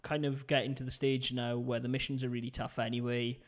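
Fairly quick and mid-range, with not much rise or fall in pitch, comes the voice of a man from Wales. He's a podcast co-host on a laid-back gaming show, telling stories in a loose, rambling, conversational way.

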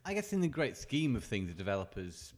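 A man co-hosting a casual gaming podcast, tossing in quick joking asides. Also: medium pitch, sing-song. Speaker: podcast co-host. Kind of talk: casual chat.

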